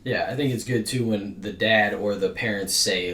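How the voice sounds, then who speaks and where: Young male podcast host, slightly low, easygoing, recorded off-mic in an echoey office. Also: normal speed, fairly bright tone, recorded from a distance, a little hiss or hum. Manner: easygoing, chatty, affirms often. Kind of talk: casual podcast conversation.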